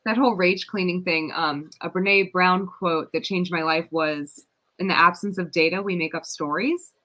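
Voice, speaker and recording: A woman's voice: on the low side, moderate pace, sharp tone. A woman hosting a podcast, chatting casually and reflectively, often murmuring agreement. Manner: supportive, frequent affirming murmurs, reflective. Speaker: podcast host.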